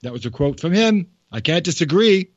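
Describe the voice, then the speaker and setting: A man giving casual spoken commentary with a halting, wandering delivery and asides, reading quotes aloud. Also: a little high, very animated, dry recording. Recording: dull, dry lo-fi recording.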